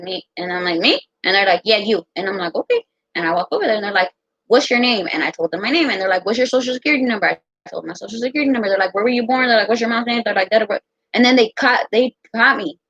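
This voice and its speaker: A young American woman telling a personal story in a casual, profane, animated way. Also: on the high side, no echo. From United States. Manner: profane, animated, quotes others in her own voice. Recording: dull lo-fi sound.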